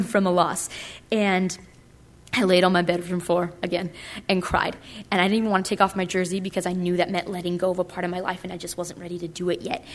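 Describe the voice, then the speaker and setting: Young woman, lowish voice, casual chatty testimony, lots of fillers. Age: young adult. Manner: casual, chatty, many likes and ums, animated quoting. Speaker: speaker at a purity conference. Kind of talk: personal testimony talk.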